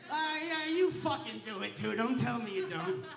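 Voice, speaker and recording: A man's voice: very high voice, animated, normal speed, vocal fry, a bit bright, a faint crowd. A man doing a stand-up comedy set on a casino stage, telling stories in a brash, profane, punchy way. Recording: roomy casino showroom sound.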